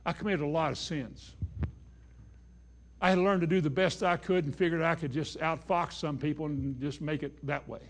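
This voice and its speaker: Folksy preacher man, hushed to emphatic. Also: fairly high pitch, steady tone, moderate pace. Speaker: pastor. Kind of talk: sermon.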